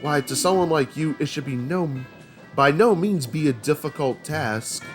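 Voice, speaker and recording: A man's voice: fairly high pitch, expressive, moderate pace, faint music behind, close to an everyday voice. A man voicing a creepy, overly polite male mask salesman from a video game. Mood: sly. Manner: formal, polite, unsettling.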